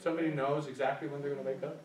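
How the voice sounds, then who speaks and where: A social worker runs a workshop, racing through an engaging lecture to a small group, quizzing them and acting out quoted voices. His fairly high, darkish voice moves little in pitch, and the recording is distant and echoey with faint hiss.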